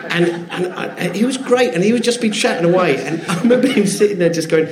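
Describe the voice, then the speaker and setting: A middle-aged man, a comedian guest, telling anecdotes in casual, animated chat and swearing freely. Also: sits high, fast talker, hardly any pauses, reverberant, a crowd in the background. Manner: animated, swearing storyteller with restarts.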